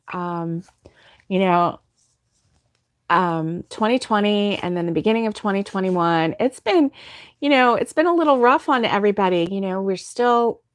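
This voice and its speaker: A woman's voice: mid-range voice, no echo, clean studio sound. A woman hosting a crochet livestream, telling a story in casual chat and laughing often.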